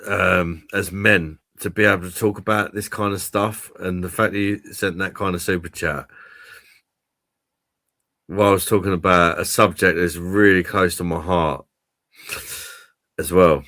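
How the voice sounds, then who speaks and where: A man's voice: deep voice, fairly even intonation, measured pace, pauses often, sharp tone, no echo. A man hosting a casual live stream, chatting to viewers and swearing freely.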